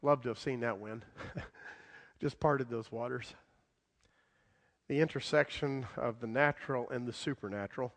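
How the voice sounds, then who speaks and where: A man preaching a sermon, dramatic, swinging from loud outbursts to hushed lines and acting out the voices in the story. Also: mid-range voice, a little slow, long pauses, big-room sound. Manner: acts out quoted voices in the story.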